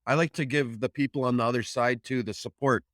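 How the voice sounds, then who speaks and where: A man's voice: medium pitch, steady tone, quick pace, no echo, clean studio sound. Casual supportive man hosting a podcast. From Canada. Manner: warm and supportive, casual swearing. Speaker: podcast host.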